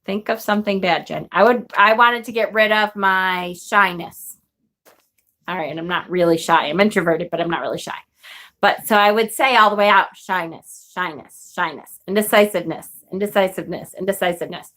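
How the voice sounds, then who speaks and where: A woman's voice: mid-range voice, moderate pace, bright, forceful tone. A woman in her forties chatting casually as a vlogger, telling a rambling story and laughing often. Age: 40s. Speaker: witchcraft vlogger.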